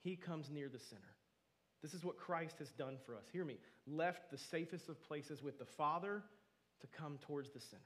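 A man preaching a sermon, moving between quiet asides and loud, emphatic declarations, often repeating words for stress. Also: a little high, lively intonation, moderate pace. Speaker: pastor.

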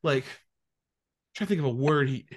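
A man hosting a podcast, telling stories in a chatty, animated way with lots of fillers. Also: medium pitch, normal speed. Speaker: podcast host. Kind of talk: casual chat.

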